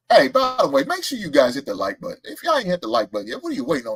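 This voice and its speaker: A man hosts a casual sports talk stream, bragging about his team's season and teasing the haters in the chat. His voice sits a little high for a man and swings up and down with a lot of life, cocky and playful throughout. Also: racing, hardly any pauses, husky. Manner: boastful, animated, trash-talking with laughs and chat replies. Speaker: show host.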